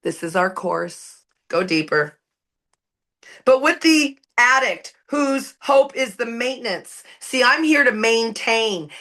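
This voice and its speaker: A woman's voice: on the high side, lively intonation, slow, sharp tone. A woman speaking at a recovery meeting, giving an impassioned, preachy share with blunt, profane emphasis. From Canada. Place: recorded at an online meeting.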